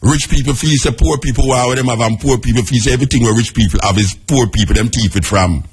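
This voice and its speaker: A Jamaican radio talk host with a husky, mid-range voice delivers an impassioned monologue at a quick pace. His speech is laced with patois, and he fires rhetorical questions at his listeners over the broadcast.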